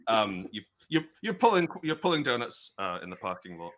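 A man's voice: lowish voice, very animated, a little fast, fairly bright tone. A man narrating as game master of a tabletop game, rambling and chatty with many restarts.

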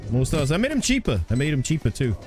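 A man's voice: fairly high pitch, huge pitch swings, fast talker. A man streaming a game live, chatting casually, cracking jokes, swearing and playing up a mock Australian twang. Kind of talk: casual live gaming commentary. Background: game music and gunfire.

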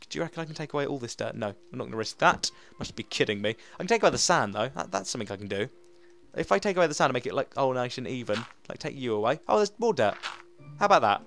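Chatty English lad gaming commentary. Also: male voice, mid-range voice, animated, fast, a bit bright, soft background music. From England. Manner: chatty, self-mocking, talks to himself while playing. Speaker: gaming YouTuber. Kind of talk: let's play commentary.

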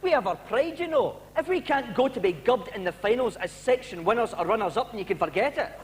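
Man as a sad-sack Scottish fan, high, wry. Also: animated, a little fast. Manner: pleading, wry. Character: desperate, hapless male football fan.

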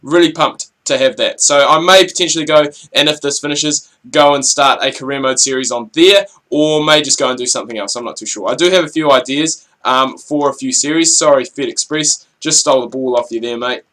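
A young man giving chatty, rambling commentary over his gameplay, with excitable outbursts at the action. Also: medium pitch, a little fast, few pauses. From New Zealand. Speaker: gaming channel host.

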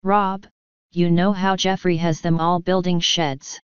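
A woman's voice: lowish voice, flat delivery, unhurried, smooth, no echo, lightly acted. A woman voicing a firm, level-headed young witch girl who talks in a matter-of-fact way, in a dull lo-fi audiobook recording.

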